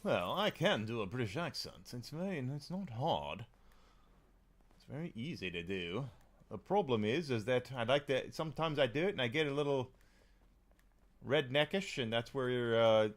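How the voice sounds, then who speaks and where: A man's voice: medium pitch, expressive, normal speed. A man streaming a video game, chatting casually with joking, rambling asides. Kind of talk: casual gameplay commentary.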